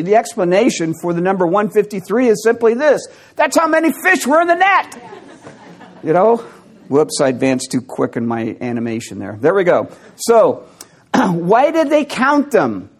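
A man delivers a teaching sermon in a notably high, light voice. He explains points plainly, then drops wry, amused asides. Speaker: pastor.

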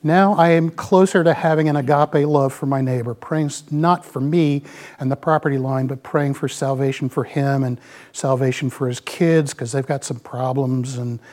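A man's voice: fairly high pitch, darkish tone. A man in his mid-sixties giving a folksy, rambling church talk, peppered with "you know.". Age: 60s. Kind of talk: informal sermon with slides.

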